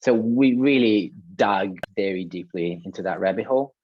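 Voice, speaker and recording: A man's voice: on the low side, moderate pace, dry recording, muffled recording. A man, a guest sound designer, talking casually on a panel, hesitant with many fillers and restarts.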